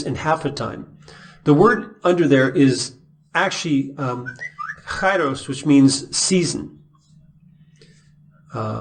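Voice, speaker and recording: A man teaching the Bible verse by verse, reading passages aloud and then explaining them with questions to the listener. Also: medium pitch.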